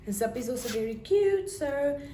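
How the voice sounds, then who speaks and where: A woman's voice: sits high, moderate pace. A young South African woman with a South African accent, gushing over her haul in a casual fashion vlog. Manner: gushing, bursts into excited squeals. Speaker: fashion vlogger. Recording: echoey room with faint noise.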